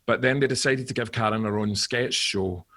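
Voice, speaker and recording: A Scottish man in his forties, a guest actor on a podcast, telling animated stories and laughing often in casual chat. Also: mid-range voice, normal speed.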